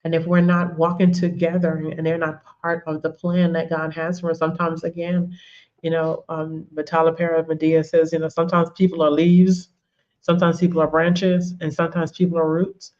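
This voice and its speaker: A woman's voice: low voice, completely flat delivery, normal speed, a little mellow, dull audio. A woman giving a conversational faith teaching, telling personal stories, repeating words and often saying "you know". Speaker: women's ministry teacher.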